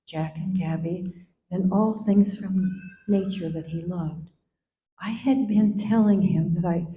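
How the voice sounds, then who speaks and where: An older woman, a mother giving a eulogy at a memorial gathering, speaking slowly and tenderly, now and then singing a line softly. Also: on the low side, fairly even intonation, vocal fry, slight background noise. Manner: slow, gentle and tender, sometimes singing softly. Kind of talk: memorial speech. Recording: echoey hall, dull sound.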